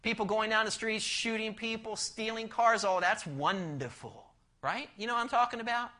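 Bright-voiced man preaching dramatically. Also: extremely high pitch, little pitch movement, fairly quick. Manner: dramatic swings from loud emphasis to near-whisper; asks the listeners rhetorical questions. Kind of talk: expository sermon.

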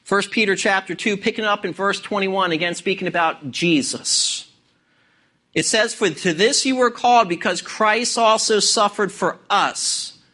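Male pastor, sermon, high-pitched, bright forceful tone, emphatic rhetorical questions. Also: unhurried. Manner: expository preaching with rhetorical questions and emphatic stresses.

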